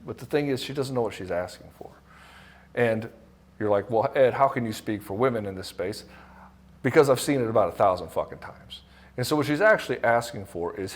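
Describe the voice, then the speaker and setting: A middle-aged relationship coach talks straight to camera to married men, his mid-range voice lively in intonation and fairly quick. He's blunt and casual, swears freely, and acts out the voices of the people he quotes.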